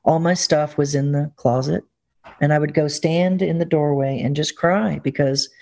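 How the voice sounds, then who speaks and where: Woman musician on an interview, animated and expressive, laughs a lot telling stories. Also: low voice, creaky. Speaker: musician guest. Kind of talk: casual interview storytelling.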